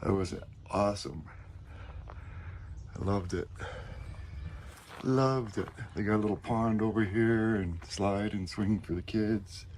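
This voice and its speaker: A man's voice: takes it slowly, long pauses, darkish tone, a little hiss or hum. A man chatting casually while giving a walking tour of a rural property, recorded outdoors on a phone as he walks. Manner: chatty, cooing at animals in a high voice. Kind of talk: casual live chat.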